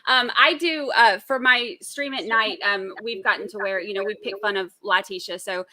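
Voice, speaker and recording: Female host, bright and chatty, casual streaming talk. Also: mid-range voice, normal speed. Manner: chatty, laughs often. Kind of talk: casual chat.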